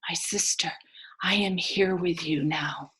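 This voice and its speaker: A woman voicing tiny animated dirt beings who lament tenderly, in a soft, partly whispered voice as a whispered role-play. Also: lowish voice, slow.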